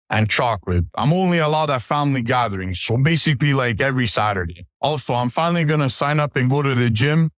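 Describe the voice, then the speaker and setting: Guy putting on a cocky italian-american bro, fake accent, slangy, mid-pitched voice, dry sound. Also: fairly bright tone, no room sound, close to an everyday voice. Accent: put-on Italian-American. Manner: swaggering, slangy, peppers lines with "bro". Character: brash stereotyped Italian-American bro, young man. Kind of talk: comedy sketch monologue.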